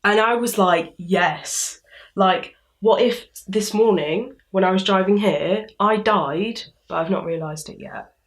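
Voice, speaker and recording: A woman's voice: medium pitch, a little slow. A young woman from England chatting in an interview, laughing often and acting out quoted thoughts as she talks. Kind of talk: casual chat.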